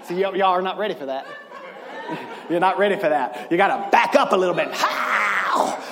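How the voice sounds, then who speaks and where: A man preaching a sermon as pastor in a church, in an impassioned style that builds to shouting. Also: high-pitched, quick pace, big-room sound, a crowd in the background.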